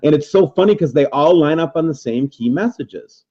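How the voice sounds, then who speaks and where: A man's voice: on the high side, expressive, normal speed, mellow. Wry, teasing man on a muffled call. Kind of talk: casual online panel chat.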